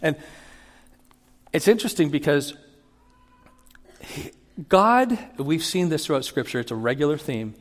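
A pastor delivers an animated sermon, acting out Bible quotes with mounting emphasis. His voice runs on the high side and he speaks unhurriedly with long pauses, all under a long hall reverb.

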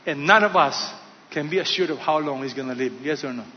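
A man delivers a sermon with a fairly high voice, speaking in short, emphatic phrases that swing from loud to hushed. The sound is a little dull and carries a long hall reverb. A faint background hum sits under his voice. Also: fairly quick. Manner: preaching in short phrases, shifting between loud and soft. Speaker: pastor.

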